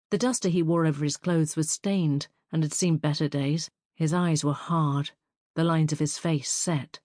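Woman narrator, low voice, dry close sound, measured fantasy audiobook reading. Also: darkish tone, no echo. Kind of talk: first-person fantasy narration.

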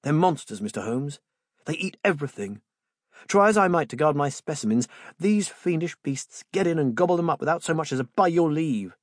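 A narrator voices a boyish young amateur botanist, lifted a little higher than his own voice and full of quick, fussy eagerness. The tone is slightly husky with a lively rise and fall. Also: no echo, clean studio sound. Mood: indignant.

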